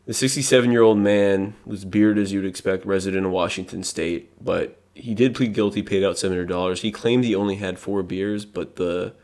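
A man's voice: low voice, fairly even intonation, fairly quick, few pauses, darkish tone. A man co-hosting a comedy podcast, teasing his partner dryly and reading out news details. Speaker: podcast co-host. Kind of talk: casual comedic chat.

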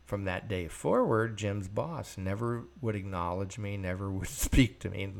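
A man's voice: on the low side, a little slow, vocal fry. An older man hosting a podcast, telling stories from his working life in a blunt, profane way and acting out the dialogue. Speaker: podcast host. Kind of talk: storytelling monologue.

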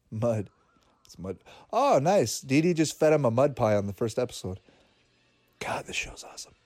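A man's voice: mid-range voice, sing-song, measured pace, long pauses, darkish tone, dry recording. Chatty man reacting to a cartoon. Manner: chatty, laughs often, thinks aloud with fillers. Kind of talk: casual watch-along commentary.

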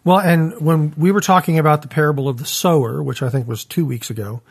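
A man in a conversational Bible discussion, speaking in a thoughtful, measured way. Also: fairly high pitch, creaky, husky.

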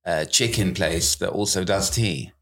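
A man's voice: deep voice, measured pace, a bit bright. A man with an Irish accent, a guest in a casual podcast chat; easygoing and agreeable, he often repeats words as he goes. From Ireland.

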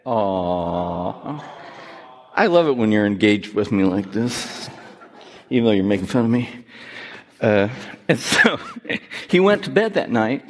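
A man preaching a sermon, telling jokes and gently teasing himself and his listeners. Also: mid-range voice. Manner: joking, self-teasing, lively. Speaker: pastor. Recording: reverberant hall.

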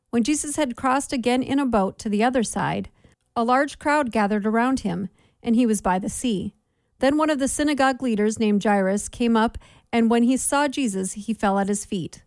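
Woman reading scripture, high and dry. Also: a little mellow, dry recording. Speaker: scripture reader. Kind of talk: measured Bible reading.

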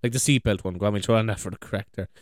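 A man's voice: on the low side, rapid-fire, no room sound, clean studio sound. An Irish man hosting a show, chatting casually in a rambling, sweary way and laughing easily. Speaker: podcast host. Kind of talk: casual chat.

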